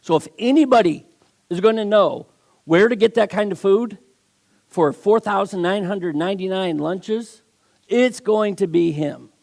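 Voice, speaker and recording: Male guest preacher, gravelly, a bit high, emphatic storyteller, sermon delivery. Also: a little slow, darkish tone. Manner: storytelling with acted voices, emphatic.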